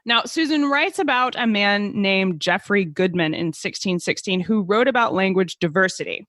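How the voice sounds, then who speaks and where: A woman with a Southern US accent hosts an interview podcast, chatty and engaged. Her voice sits close and dry in the recording, with a middling pitch. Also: expressive, moderate pace, a bit bright, no room sound. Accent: Southern US (Alabama). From Birmingham, Alabama, southern United States. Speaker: podcast host. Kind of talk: conversational interview, reading quotes from a paper.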